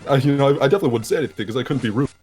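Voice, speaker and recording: A man's voice: medium pitch, very fast, a little mellow. Young male host, casual rambly chat, lots of likes and acted-out quotes, faint music under it. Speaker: let's play host. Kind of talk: casual chat over a voice call.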